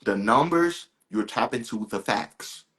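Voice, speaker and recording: A man's voice: mid-range voice, animated, moderate pace, a bit bright. A man hosting a live stream as a spiritual reader, chatting casually and with enthusiasm, repeating himself for emphasis. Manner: enthusiastic, repetitive, salesy asides.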